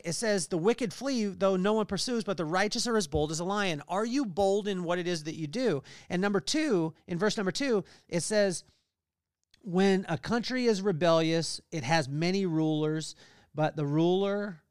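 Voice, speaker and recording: Man, middle-aged, podcast host, faith talk, slightly high voice, dry close sound. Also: smooth, no room sound. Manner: lively storytelling with scripture readings.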